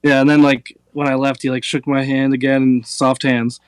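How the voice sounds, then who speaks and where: A man's voice: mid-range voice, level tone, moderate pace, clear, resonant tone, no room sound. A man hosting a podcast, telling stories in a rambling casual way with lots of filler words. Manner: rambling storyteller, many "like" fillers. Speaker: podcast host. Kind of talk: casual chat.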